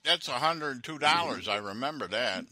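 A man's voice: medium pitch, expressive, normal speed, a crowd in the background. A man on a phone call who mocks and insults the person on the other end with heavy profanity. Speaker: scam baiter.

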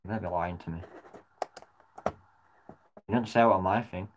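A man reacting live to a football match as a fan vlogger. He swears often and swings between muttered comments and loud yells at the referee. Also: deep voice, steady tone, normal speed, noisy background.

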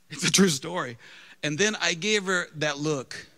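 A male pastor in his thirties preaching through a funny personal story. His voice is bright and sits a little high, and he tells the story with animated, self-mocking humor. It feels like storytelling from a church pulpit. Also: normal speed. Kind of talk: storytelling sermon.

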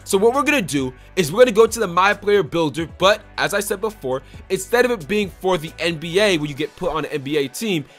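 A man's voice: high voice, faint music behind. Hyped young man calling his game. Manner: hyped, excitable trash talk with quick repeated exclamations. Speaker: gaming YouTuber. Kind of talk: gameplay commentary.

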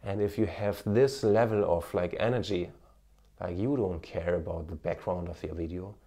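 A man in his thirties talks to camera in a low, dark voice at normal speed with fairly even intonation. Earnest and encouraging, he uses lots of fillers, and his German accent has a slight Indian tinge. He's a marketing coach and former TV cameraman recording on a smartphone with an external microphone.

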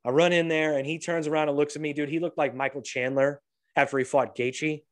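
A man and young father telling profane, animated stories on a casual podcast, acting out the voices of the people in them. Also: on the high side, brisk. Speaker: podcast co-host; father of a toddler. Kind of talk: casual storytelling.

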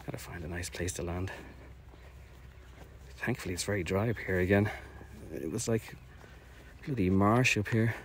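A man's voice: low voice, normal speed, pauses often, slight background noise. A man chatting casually outdoors while walking, a little out of breath, rambling with many fillers as he narrates a live stream. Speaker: orchard project owner streaming drone flights. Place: outdoors in fields.

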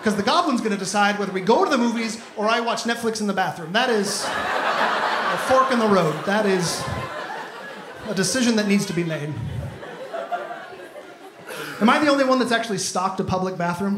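A man doing a stand-up comedy set on stage, telling stories in an animated, exasperated way into a handheld mic. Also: high-pitched, a little fast, pauses often, a loud crowd, very noisy. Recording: echoey venue with loud audience ambience. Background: audience laughter.

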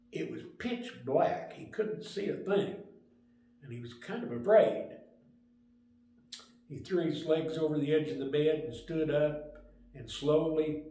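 A man's voice: fairly high pitch, mellow. Older man teaching in an echoey room. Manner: plain, unhurried storytelling with small restarts. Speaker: Sunday school teacher. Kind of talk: Sunday school lesson talk. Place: church room.

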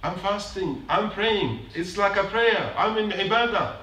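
Heard from afar in an echoey prayer hall, the mosque speaker talks a little slowly in a high, animated voice with a sharp tone. His short sermon is emphatic, with repeated points and questions to the congregation.

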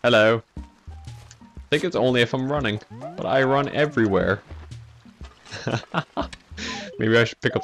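A man's voice: mid-range voice, a little slow, pauses often, a bit bright, faint music behind. A man giving casual, self-mocking commentary over a video game, laughing often at his own mishaps. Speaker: let's play commentator.

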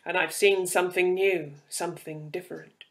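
A man voicing an ancient, cruel, inhuman creature that taunts and entices in a high, forceful voice. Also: steady tone, normal speed. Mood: menacing.

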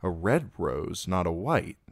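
A man narrating a fantasy novel as an amateur audiobook reader, with steady, even storytelling. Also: low voice, slow, dry recording, clean studio sound.

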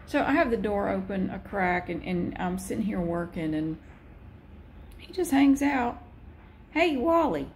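Slow, gravelly-voiced woman chatting casually. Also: expressive, darkish tone, slight background noise. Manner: chatty, slow and drawn out, slips into high baby talk for the cat. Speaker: vlogger. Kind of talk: casual chat filming her cat.

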